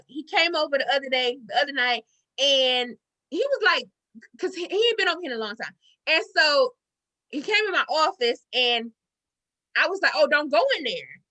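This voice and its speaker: High, bright, animated woman storyteller. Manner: animated storytelling, swears freely; loud, fast outbursts. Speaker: podcast host. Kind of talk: casual chat.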